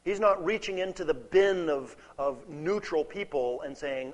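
A man's voice: a little high, normal speed, few pauses, poor audio. A man giving an expository Bible teaching in a conversational way, repeating key words for emphasis and checking in with his listeners. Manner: conversational, checks in with "okay?" and "right?".

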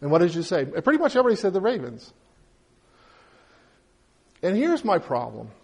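High-voiced man preaching conversationally. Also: huge pitch swings, moderate pace, darkish tone, breathy edge. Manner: conversational preaching, acts out little dialogues. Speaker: pastor. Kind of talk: sermon.

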